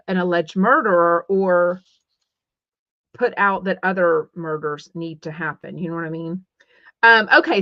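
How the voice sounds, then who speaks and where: Here the same kind of host, a middle-aged woman from Texas with the local accent, rambles through her livestream podcast, filling it with fillers and restarts. She speaks lowish and fairly bright. The sound is dull, lo-fi and dry, no room in it.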